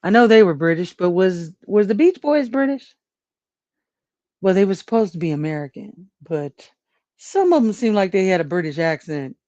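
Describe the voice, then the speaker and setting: A woman's voice: mid-range voice, lively intonation, moderate pace, mellow, no echo. Chatty woman livestream host, rambles and laughs a lot and talks to chat; dry, dull home recording. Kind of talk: casual livestream commentary.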